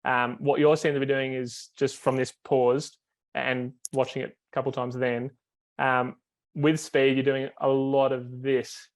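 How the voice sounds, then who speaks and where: Flat-voiced man coaching with fillers. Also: medium pitch, unhurried. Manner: explains step by step with many fillers and restarts. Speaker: foiling coach. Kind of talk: coaching call video review.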